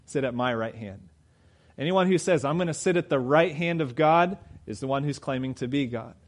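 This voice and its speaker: A man's voice: on the high side, a little fast. Man preaching with emphatic questions. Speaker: pastor. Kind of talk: sermon.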